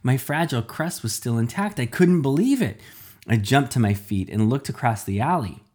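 A man narrating a children's story in an animated, dramatic way. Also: mid-range voice, fairly quick.

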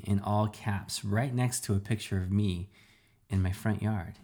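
A man narrating a first-person storybook in a steady, quiet way. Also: on the low side, moderate pace.

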